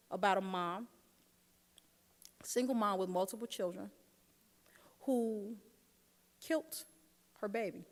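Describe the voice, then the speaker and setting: With long pauses, a woman speaks slowly in a mid-range voice as the keynote speaker at a dinner. She tells a personal story and speaks straight to the audience, with the large hall giving the recording a long reverb.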